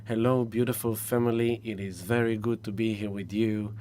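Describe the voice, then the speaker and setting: Soft-spoken man greeting a live chat. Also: fairly low pitch, flat delivery, a little hiss or hum. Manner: warm effusive greetings, slow and soft-spoken. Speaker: spiritual livestream host.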